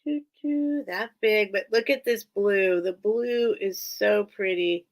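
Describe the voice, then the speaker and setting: A woman's voice: medium pitch, slow. A woman hosting a live online sale, chatting casually and rambling as she shows off her items, often breaking into giggles. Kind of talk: casual live-stream sales chat.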